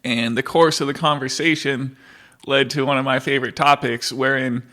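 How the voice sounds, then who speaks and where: A man's voice: medium pitch, steady tone, moderate pace, pushed and bright. A man co-hosting a casual podcast, speaking hesitantly with many fillers. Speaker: podcast co-host.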